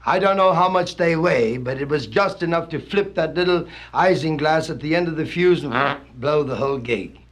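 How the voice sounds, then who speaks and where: A male comedian giving a theatrical comic recitation in hipster slang, swinging between booming shouts and low murmurs. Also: moderate pace.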